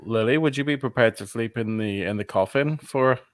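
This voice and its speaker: A man's voice: mid-range voice, fairly quick, no room sound. A man playing a tabletop game, speaking in character with dry, teasing banter. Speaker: player. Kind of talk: tabletop role-play.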